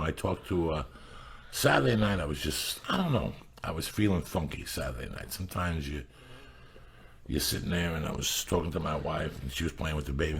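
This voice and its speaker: A middle-aged man hosting a podcast, telling stories loudly with lots of swearing. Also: extremely low pitch, creaky, slight background noise. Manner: loud, profane and animated. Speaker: podcast host. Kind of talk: casual storytelling.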